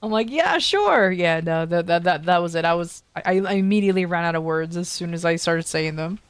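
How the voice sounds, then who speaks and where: A woman's voice: fairly low pitch, fairly even intonation, brisk, clear, resonant tone, no room sound. Young female streamer, casual chat, loose rambling storyteller who swears and laughs, dry booth-like sound.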